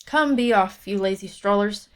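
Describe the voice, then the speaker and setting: A woman's voice: mid-range voice, fairly even intonation, fairly quick, fairly bright tone, close to an everyday voice. A woman reading aloud as a rude male porter who scorns visitors at the door. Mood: scornful. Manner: scornful, bossy.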